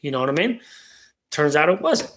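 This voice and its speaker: A man's voice: on the high side, very animated, fairly quick, a bit bright. A man telling a personal story on a livestream in a casual, slangy, profane way. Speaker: livestream host.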